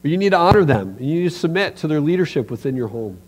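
Emphatic, somewhat high-voiced male pastor. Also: very fast. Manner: animated, emphatic preaching with direct address. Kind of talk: sermon. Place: church.

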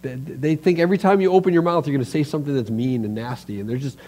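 A man preaching a sermon in church as pastor, animated and emphatic, speaking straight to his listeners. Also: mid-range voice, fast.

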